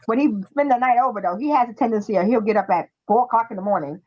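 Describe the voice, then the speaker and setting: A woman chatting casually on a live stream, an animated storyteller who laughs often. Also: a little high, quick pace. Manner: animated storyteller, laughs often, acts out children's voices in quotes. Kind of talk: casual chat. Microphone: live-stream call microphone. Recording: dull lo-fi stream audio.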